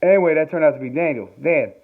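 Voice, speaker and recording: A man's voice: fairly high pitch, quick pace. A man vlogging from home during a power outage, telling a rambling story into his phone, chuckling and swearing as he goes. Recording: tinny phone-like sound.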